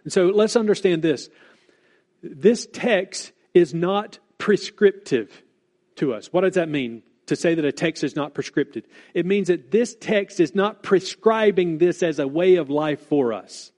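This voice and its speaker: A man preaching a sermon as pastor, earnest and deliberate, stressing key words and repeating them for weight. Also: a little high, lively intonation, a little mellow.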